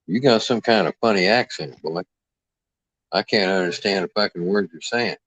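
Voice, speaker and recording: A man's voice: low-pitched, normal speed, a bit bright, no room sound. A man hosting a livestream, trash-talking a caller in a brash, profane, mocking way. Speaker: livestream host. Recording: dull lo-fi dry mic sound.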